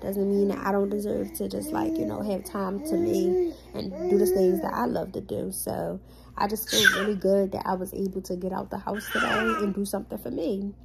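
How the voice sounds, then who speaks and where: A woman's voice: medium pitch, lively intonation, normal speed, gravelly, very noisy. A young woman vlogging casually to her phone camera, chatty and full of "y'all" as she talks to viewers. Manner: chatty, repeats herself, says "y'all" a lot. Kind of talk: casual vlog talk to camera. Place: restaurant, then her home.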